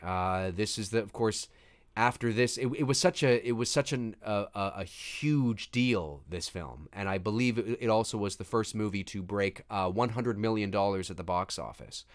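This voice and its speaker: With a fairly low-pitched voice at a moderate pace, a man runs a live movie commentary, reacting excitedly to the film and reading viewer messages. He talks casually and swears freely.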